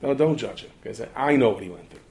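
A man giving a storytelling sermon, talking quickly with digressions, asides and repeated restarts. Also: medium pitch, expressive, vocal fry, a little mellow. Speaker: preacher telling a story.

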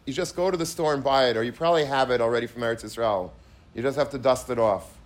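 A man's voice: medium pitch, fast. A man, a rabbi, giving an emphatic sermon. He repeats himself, restarts his phrases, and mixes in many Hebrew and Yiddish terms. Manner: emphatic, repetitive, with frequent restarts.

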